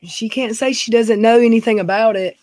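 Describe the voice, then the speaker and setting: A woman's voice: on the high side, fairly quick, a little mellow, no echo. A middle-aged woman, chatting casually on a home live stream, reading viewer names and talking in a folksy way. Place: dim room at home.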